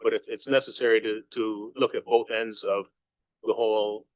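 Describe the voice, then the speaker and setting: A man's voice: fairly low pitch, flat delivery, normal speed, dry recording, low-quality recording. A man, a city councillor, makes an earnest, repetitive argument in a council debate in a council chamber.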